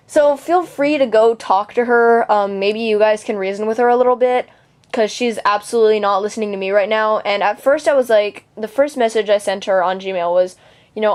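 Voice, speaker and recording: A woman's voice: medium pitch, brisk. Indignant teen girl venting her story. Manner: venting, indignant, swears freely; lots of fillers and restarts. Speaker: vlogger. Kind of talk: casual storytelling to camera.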